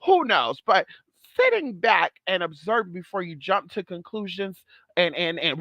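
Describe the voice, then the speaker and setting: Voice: mid-range voice, big pitch swings, moderate pace, no echo, dull audio. A vlog host talking casually and sassily, swearing freely and calling viewers "girl" and "honey". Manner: sassy, profane, chatty, calls viewers girl and honey. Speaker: channel host.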